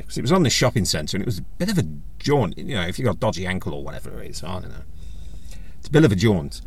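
Male podcast host, low pitch, very lively intonation, wry anecdotal monologue. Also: quick pace, creaky, slightly rough. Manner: rambling, wry, self-mocking storytelling. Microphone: USB webcam microphone plugged into a phone.

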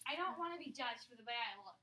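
Earnest young cellmate accused of spying, played by a woman, bright sharp tone, heard from across an echoey room. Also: high voice, expressive, quick pace, distant mic. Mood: pleading. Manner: pleading, defensive. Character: earnest young woman prisoner pleading innocence. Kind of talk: improvised home play acting. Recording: roomy echo, from off-mic.

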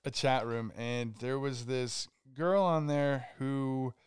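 A young man tells a long story on a casual podcast, rambling, swearing and acting out the lines of the people in it. His voice is smooth and resonant. The sound is dry and close. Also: mid-range voice, fairly even intonation, slow pace, dry recording. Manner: rambling, swearing, acts out quotes. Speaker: podcast co-host.

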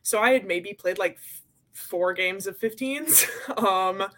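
A woman's voice: mid-range voice, slow pace, fairly bright tone. A young woman in her twenties, a guest answering interview questions in an upbeat way and laughing easily. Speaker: guest, pro rugby player.

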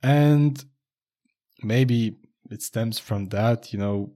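A man's voice: fairly low pitch, very slow, dark tone. A man chatting casually, rambling a little and hesitating with many restarts. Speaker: conversation partner. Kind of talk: casual chat.

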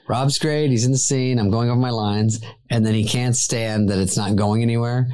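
A man's voice: mid-range voice, fairly even intonation, brisk, hardly any pauses, a little mellow. A man telling an anecdote in an interview clip, profane and acting out the quoted lines.

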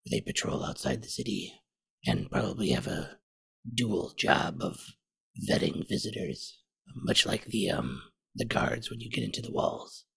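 A man playing his character in a tabletop game, speaking in a measured, deliberate way. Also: low-pitched, sing-song, creaky, slightly rough. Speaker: player.

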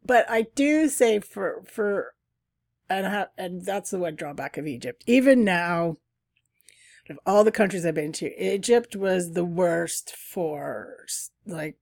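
A middle-aged woman casually telling a travel story, chatty and animated, often laughing. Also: on the low side, slow, vocal fry, no room sound, clean studio sound.

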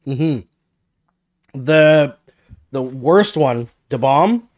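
A man co-hosting a relaxed hot sauce tasting, reading out the notes on each bottle and exhaling hard as the heat hits. He has the hiccups. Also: mid-range voice, drawn-out words, dry recording. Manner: reads sauce notes, blows out air at the heat. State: hiccups from spicy food. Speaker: co-host. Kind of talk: casual chat while tasting hot sauce.

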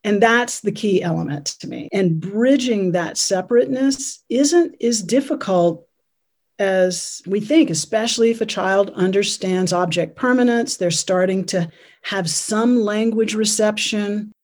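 A woman's voice: medium pitch, unhurried, a little mellow. A woman parenting consultant speaking as an interview guest, earnest and telling stories about her clients. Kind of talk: conversational interview.

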